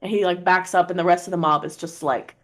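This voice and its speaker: A woman's voice: fairly low pitch, steady tone, quick pace. A woman narrating a tabletop game as game master, casual, laughing and swearing.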